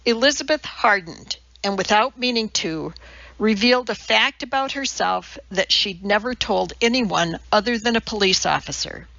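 A woman reading a novel aloud as its narrator in a measured storytelling voice. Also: medium pitch, lively intonation, gravelly, bright, forceful tone, no echo. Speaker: audiobook narrator. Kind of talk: scripted narration. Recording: slightly dull lo-fi.

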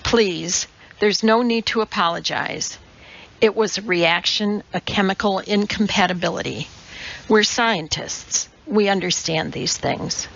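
A woman reading an audiobook, voicing a calm, precise woman chemist who speaks in a composed way. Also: mid-range voice, a little slow, vocal fry. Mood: matter-of-fact. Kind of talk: audiobook character voice. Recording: dull lo-fi audiobook recording.

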